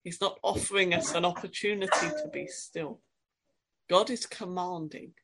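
Woman preacher, lowish voice, reflective sermon delivery, asks gentle questions, reads scripture dramatically. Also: normal speed, vocal fry, background noise.

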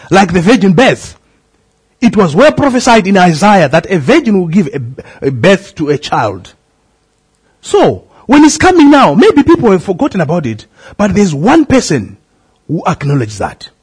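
A middle-aged man, a pastor preaching a sermon, calling out questions to the congregation with a husky voice. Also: huge pitch swings, moderate pace. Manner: preaching with swooping pitch, calls to the congregation.

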